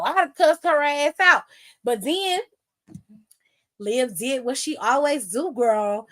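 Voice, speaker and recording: A woman giving a casual, animated and profane wrestling recap with a sassy storytelling manner. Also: high-pitched, takes it slowly, pauses often. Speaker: wrestling show commentator.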